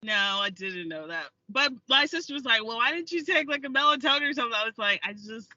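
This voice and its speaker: A woman's voice: a little high, expressive, fast talker, pushed and bright, no echo, muffled recording. An American woman, an actor and filmmaker, telling stories as an interview guest and laughing often. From United States. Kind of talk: casual interview storytelling.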